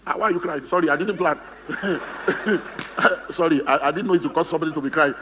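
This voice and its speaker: A man's voice: on the high side, a little fast, pushed and bright, in a large hall, a little hiss or hum. A man with a Nigerian English accent, giving a humorous, theatrical seminar talk as a motivational speaker, acting out the voices he quotes. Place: conference hall on stage.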